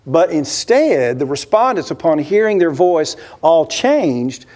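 A man's voice: on the high side, big pitch swings, measured pace, a little mellow. A man, a pastor, preaching a sermon in a church, telling a story with many rhetorical questions and acting out the voices he quotes. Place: church sanctuary.

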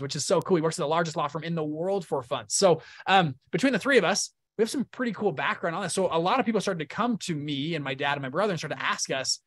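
A man's voice: on the high side, a bit bright, no room sound. A young man giving a casual, upbeat live online lesson, often checking in with his audience. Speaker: webinar presenter. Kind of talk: live online teaching talk.

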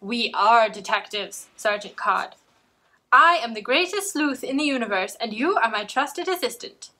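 A woman's voice: fairly high pitch, animated, moderate pace, pushed and bright. A woman doing a playful mock-British sleuth man. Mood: playful, grand. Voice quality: put-on near-British accent. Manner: grand, theatrical declarations. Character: playful grown man playing detective.

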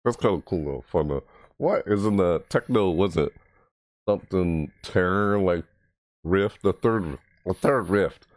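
A man hosting a casual reaction video, rambling excitedly about a game trailer. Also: measured pace, no room sound. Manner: excitable, rambling, mimics game voices in high yelps.

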